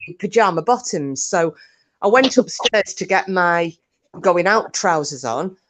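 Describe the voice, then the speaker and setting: A woman's voice: on the low side, expressive, a little slow. A woman joining a live stream chat, telling an everyday story in a chatty, exasperated way. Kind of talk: casual storytelling.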